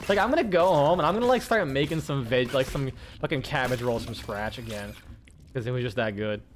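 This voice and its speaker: A tired man chatting casually while streaming a game, rambling and excitable, swearing and laughing often. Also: medium pitch, fairly quick, a little hiss or hum. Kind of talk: casual gaming stream chat.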